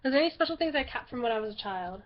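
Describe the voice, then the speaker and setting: A teenage girl telling a story to her vlog viewers in a chatty way, full of "like" fillers, getting loud when excited. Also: fairly high pitch, rapid-fire, highs cut off. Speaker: vlogger.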